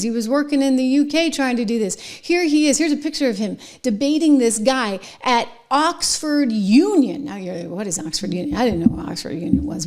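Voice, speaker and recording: With a slightly high voice, a middle-aged woman runs her own political commentary program. She sounds sarcastic, emphatic and indignant, dropping to whispers one moment and erupting loudly the next.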